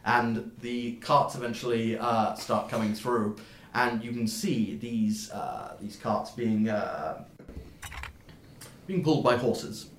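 A man narrating a tabletop game as game master, in a halting way, with many fillers and restarts. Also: mid-range voice. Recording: roomy echo.

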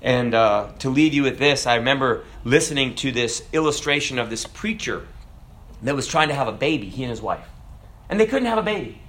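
Preacher guy giving a sermon, lively and punchy, bright edgy voice, keeps asking the crowd stuff. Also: medium pitch, fairly quick. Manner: animated, emphatic, acts out voices; conversational, asks the audience questions.

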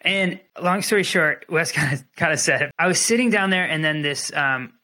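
A young man, a podcast host, telling a race story in casual chat, animated and laughing, slipping into quick impressions of people. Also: fairly high pitch. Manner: animated, laughing, mimics voices.

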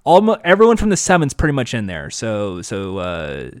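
Animated man in casual chat. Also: on the low side, normal speed. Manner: animated, laughs often, does mock voices. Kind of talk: casual chat reviewing a TV show.

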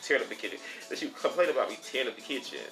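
A man's voice: medium pitch, very fast, fairly bright tone. A man telling stories in a casual, sassy, profane way, calling the listener honey and child as he goes. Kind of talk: casual storytelling. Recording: roomy echo with faint music.

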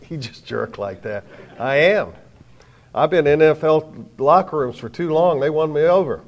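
Middle-aged preacher, swinging soft to loud. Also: male voice, a little high, moderate pace, dull audio. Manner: lively storytelling, swings from soft asides to loud bursts, self-mocking humor. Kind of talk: sermon. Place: before a live audience.

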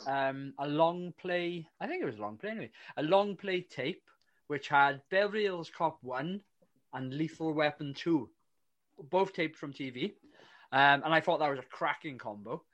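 A man's voice: fairly high pitch, a bit bright. A man hosts a casual film podcast. He chats enthusiastically, trailing into fillers and restarts as he reminisces. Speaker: podcast host.

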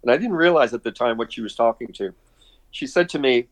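An older man from Brooklyn, New York, an artist and director guesting on an interview show, tells long anecdotes in a rambling, chuckling manner. His mid-range voice is animated and fast, and there's no echo.

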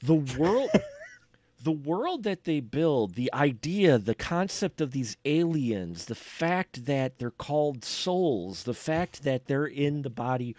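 Rambling, animated male podcast host. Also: on the high side, slow pace. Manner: rambling, restarts and repeats words. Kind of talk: casual film review chat.

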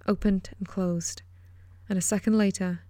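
A woman's voice: medium pitch, steady tone, moderate pace, dark tone, no echo, clean studio sound. A woman reading a horror novel aloud as an audiobook, dramatic and dropping into whispers at tense moments. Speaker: audiobook narrator. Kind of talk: scripted narration of a horror novel.

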